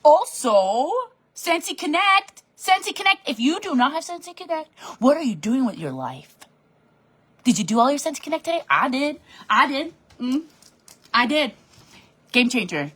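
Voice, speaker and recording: A woman leading her sales team in a bubbly, animated live-stream pep talk from her home office desk, reading and answering comments as she goes. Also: sits high, moderate pace. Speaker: direct sales team leader.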